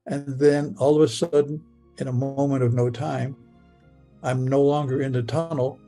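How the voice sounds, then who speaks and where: A man's voice: medium pitch, flat delivery, moderate pace, dark tone, faint music behind. An older man telling a personal story in the present tense, stammering and repeating words as he goes. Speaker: near-death experience storyteller.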